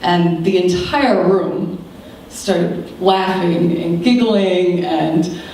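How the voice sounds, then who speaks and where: A woman's voice: fairly low pitch, extremely slow, a little hiss or hum. Woman telling stories in an echoey hall. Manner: animated storytelling, acting out quoted voices. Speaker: keynote speaker. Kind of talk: storytelling keynote speech. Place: large lecture room. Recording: very echoey hall, distant mic.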